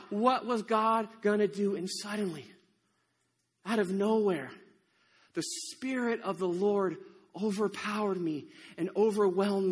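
A man playing Gideon, high and exasperated. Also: full character voice. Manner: animated, exasperated, wry storytelling. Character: biblical farmer-hero Gideon, timid yet bold man. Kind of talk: first-person dramatic monologue. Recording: echoey hall reverb.

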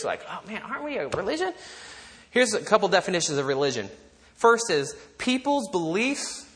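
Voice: mid-range voice, a bit bright. A pastor delivering a sermon in a loose, conversational manner. Jokes and side remarks aimed at the congregation break up the teaching, and key lines get repeated together. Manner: conversational, joking asides to the congregation; leads call-and-response repetition.

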